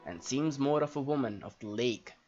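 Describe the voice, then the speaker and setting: A man reading aloud the lines of a wary male town guard in a fantasy game, in a gruff, formal manner. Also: medium pitch, moderate pace, darkish tone, natural voice. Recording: slightly dull audio, faint game music.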